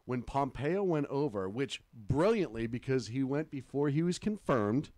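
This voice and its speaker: A man's voice: mid-range voice, expressive, normal speed, a little mellow, dry recording. A middle-aged man co-hosting a casual political chat show, blunt and opinionated, swearing freely. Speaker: co-host.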